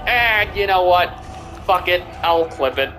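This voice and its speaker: A young man with a high, light voice talks through a video game, taunting his foes and tripping over his words as he repeats himself. Game music plays clearly behind him. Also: measured pace. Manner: mocking, excitable, stammering repeats. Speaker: gamer streamer. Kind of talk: casual gameplay commentary.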